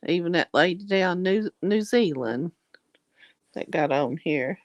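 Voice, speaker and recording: A woman's voice: fairly low pitch, expressive, measured pace, no room sound, highs cut off. A woman with a Southern US accent chatting casually with viewers on a livestream, folksy and affectionate, calling people honey and blessing their hearts. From Southern United States. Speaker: livestream host.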